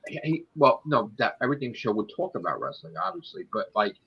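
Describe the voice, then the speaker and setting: Husky american guy venting and cussing, kinda muffled lo-fi sound. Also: medium pitch, expressive, a little fast. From United States. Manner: ranting, swears a lot. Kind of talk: casual chat.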